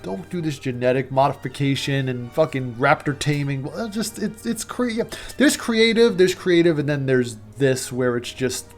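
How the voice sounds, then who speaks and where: A man's voice: medium pitch, expressive, normal speed, hardly any pauses, soft background music. A man reviewing a movie in a casual, opinionated rant, swearing, sarcastic and full of fillers. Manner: profane, sarcastic, rambling with many fillers.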